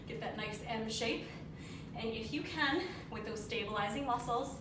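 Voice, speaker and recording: A woman's voice: on the high side, a little slow, background noise. Breathless woman coaching a workout. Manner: energetic, counting down and cueing moves while exercising. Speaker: fitness instructor. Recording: echoey room, mic at a distance.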